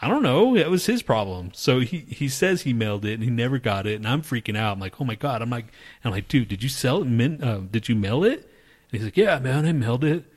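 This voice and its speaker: A man's voice: medium pitch, animated, fairly quick. A man with a Texan accent co-hosting a casual podcast, telling a rambling story full of swearing. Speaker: podcast co-host. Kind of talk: casual crude podcast banter.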